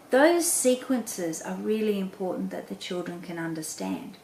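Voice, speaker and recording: A woman's voice: mid-range voice, lively intonation, normal speed, hardly any pauses. A woman hosting an instructional talk for parents, speaking expressively and often varying her voice to demonstrate. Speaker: host, reading coach for parents. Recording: echoey room with faint noise.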